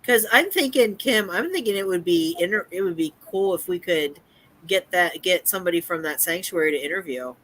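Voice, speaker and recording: Bright-voiced teasing woman co-host. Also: lowish voice, lively intonation, brisk, low-quality recording. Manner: teasing, joking banter. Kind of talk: casual chat. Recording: faint background noise.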